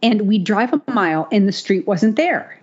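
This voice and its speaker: A woman co-hosting a podcast, telling a story in a casual, animated way and swearing freely. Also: mid-range voice, moderate pace, muffled recording. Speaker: podcast co-host.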